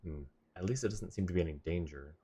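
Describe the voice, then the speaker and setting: A tired man casually commenting on a video game as he plays, laid-back and thinking out loud, with chuckling asides. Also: low voice, fast, husky. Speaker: streamer.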